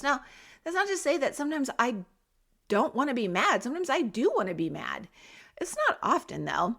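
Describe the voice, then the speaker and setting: A woman's voice: fairly high pitch, very animated, fairly quick, vocal fry. A middle-aged woman hosting a parenting podcast who talks straight to the listener in an encouraging, coaching way. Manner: warm, coaching tone, direct address to parents. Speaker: podcast host.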